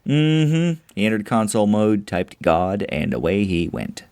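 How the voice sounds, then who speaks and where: A man co-hosting a podcast, chatting casually about movies, animated and jokey. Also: on the low side, unhurried, smooth, dry recording. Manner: animated, jokey, acts out quotes. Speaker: podcast co-host. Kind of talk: casual movie review chat.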